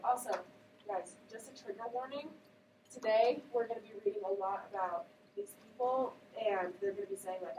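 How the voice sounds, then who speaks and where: Woman teacher, high voice, recorded from a distance with faint noise behind. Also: normal speed. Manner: animated, questioning students. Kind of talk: classroom read-aloud and discussion. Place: classroom. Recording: echoey classroom, voice from a distance, faint background noise.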